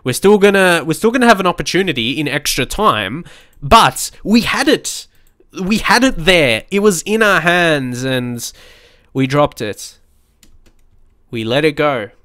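A man giving excitable let's play commentary on a football management game, shouting at the screen and swearing now and then. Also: on the high side, unhurried, no room sound, clean studio sound. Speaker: gaming YouTuber.

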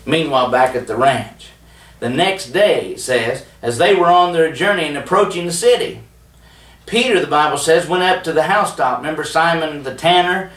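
A man's voice: fairly high pitch, moderate pace, fairly bright tone. Folksy male Bible teacher, roomy echo. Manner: folksy, plainspoken, with frequent fillers and restarts. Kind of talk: televised Bible study teaching. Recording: roomy echo, voice a bit distant from the mic.

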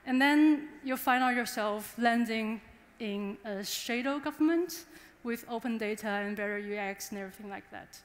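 A woman's voice: fairly high pitch, moderate pace. A young woman from Taiwan, giving a chatty, engaging conference talk and addressing the audience directly. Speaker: conference speaker. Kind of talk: conference presentation. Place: conference hall. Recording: long hall reverb.

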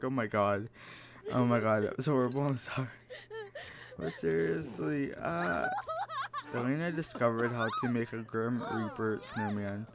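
A man's voice: medium pitch, lively intonation, unhurried, crowd noise. A man giving casual commentary while playing a life-sim game, exasperated and dramatic, mock-scolding the characters. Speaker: let's play gamer. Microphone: desk microphone.

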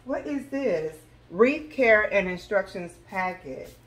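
A woman vlogger, chatting excitedly to her viewers from her home kitchen. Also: medium pitch, takes it slowly. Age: adult with school-age children. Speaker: vlogger sharing a grocery haul. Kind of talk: casual chat to camera.

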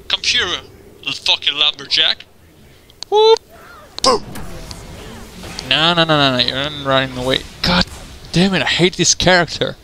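Foul-mouthed excitable gamer guy. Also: normal speed, long pauses, slight background noise. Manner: excitable, profane trash talk at opponents; frequent laughter and sudden high yelps. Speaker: gamer recording his own match. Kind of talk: gameplay commentary.

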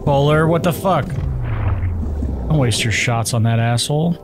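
Profane male gamer, slow commentary over music. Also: mid-range voice, lively intonation. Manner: profane, reactive, talks to himself. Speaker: gaming YouTuber. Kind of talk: casual gameplay commentary.

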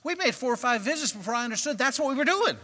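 A man preaching a sermon as a personal story, moving between quiet recollection and loud, emphatic bursts. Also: extremely high pitch, animated, racing, long reverb tail. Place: church sanctuary.

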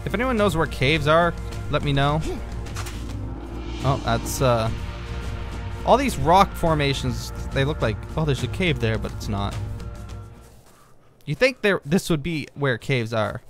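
A young man giving casual let's-play commentary, rambling and easily distracted, breaking into excited outbursts at what he finds on screen. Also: mid-range voice, a little slow, pauses often, music in the background. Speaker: gaming video creator.

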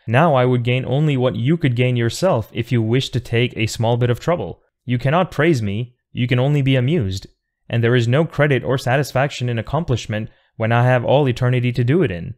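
A thoughtful, defiant man arguing against eternity, read by a man in an audiobook. He talks earnestly and precisely, pressing each point at an average pitch. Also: a little fast, a little mellow, natural voice. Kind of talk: audiobook reading.

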